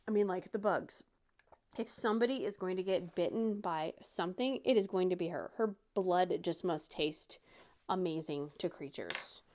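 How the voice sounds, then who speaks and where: A woman, a parent and host of a crafting channel, chatting casually as she tells a family story while she works, acting out the quotes of the people in it. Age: adult parent. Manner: animated retelling, acting out quotes with pitch jumps.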